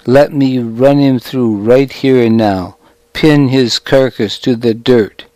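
A narrator puts on a fierce, vengeful soldier in a storybook, hissing in an urgent, angry whisper. The delivery is slow and the sound is dry. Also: male voice, mid-range voice, warm tone, no room sound, natural voice. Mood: seething.

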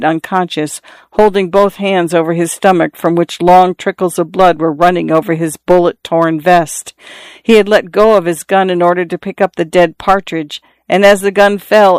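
A reader narrating a story in a measured, even storytelling manner. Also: medium pitch, smooth, no room sound. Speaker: audiobook reader. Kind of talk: scripted narration.

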